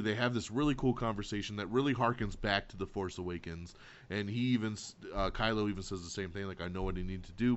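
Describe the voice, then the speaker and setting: A man hosting a casual podcast chat, talking excitedly with lots of profanity and acting out quotes. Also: lowish voice, dull audio. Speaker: podcast host.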